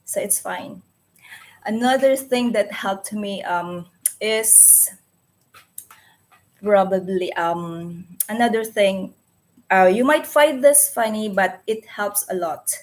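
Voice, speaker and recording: Woman, Filipino accent, unhurried delivery, hesitant and self-correcting, casual to-camera vlog. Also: mid-range voice, darkish tone. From Philippines. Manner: hesitant, searching for words with many restarts. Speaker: vlogger.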